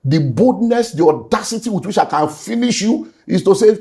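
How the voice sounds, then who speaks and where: A man's voice: high-pitched, animated, moderate pace, dark tone. Nigerian man, middle-aged, pastor guest, earnest testimony with Pidgin asides. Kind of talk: emotional personal testimony.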